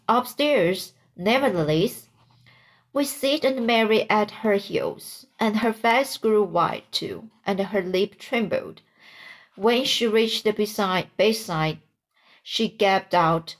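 A woman reading a classic storybook aloud at an unhurried pace, with small slips and restarts. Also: medium pitch. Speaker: audiobook narrator.

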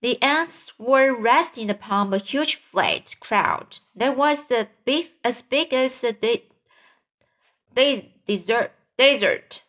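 A woman reads a children's book aloud at a slow, careful pace, tripping over longer words and repeating them. Her voice sits somewhat high. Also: a bit bright. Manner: halting, stumbling over words. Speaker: reader.

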